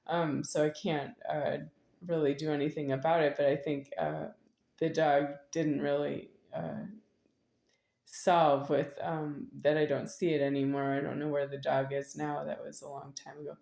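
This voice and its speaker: Middle-aged woman, very low voice, rambling and repetitive delivery, echoey room. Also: little pitch movement, normal speed, creaky, a little mellow. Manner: meandering, repetitive, with sudden laughs. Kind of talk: rambling spoken monologue.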